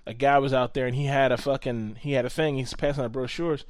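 A man's voice: mid-range voice, steady tone, quick pace, no echo, clean studio sound. A man co-hosting a podcast in casual chat, talking in a profane, sarcastic, ranting way. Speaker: podcast co-host.

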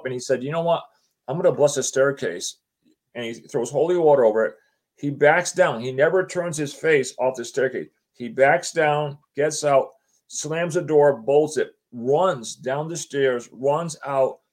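A middle-aged man at an everyday pitch, telling a personal story in a loose, talky way. He keeps restarting his sentences and acts out each conversation, switching between himself and the people he met. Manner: retells conversations line by line, acting out the other people; chatty, often says "she goes" and restarts his sentences. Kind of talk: casual spoken anecdote.

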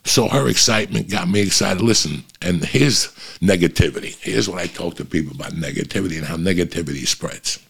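Gravelly low-voiced middle-aged man. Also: brisk. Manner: profane, rambling, animated anecdotes. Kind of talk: casual rambling storytelling.

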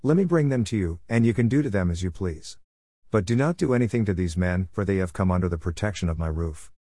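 A man's voice: sits low, lively intonation, fast, mellow, no echo, studio quality. A man reading the lines of an anxious man who pleads urgently. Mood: pleading. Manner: urgent, imploring.

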